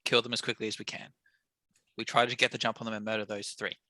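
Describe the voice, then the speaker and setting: Male player with a sharp, bright voice, talking fast in character as he argues for his plan. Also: on the low side, no room sound. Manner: urgent, plan-pushing, excitable. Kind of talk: in-character tabletop planning.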